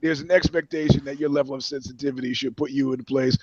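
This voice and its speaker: A podcast co-host tells crude, profane comic stories in a fast, mid-range voice with a breathy edge. He's animated, swears freely, and does voices for the people in his anecdotes. There's no echo, though the mic sounds dry and a bit dull.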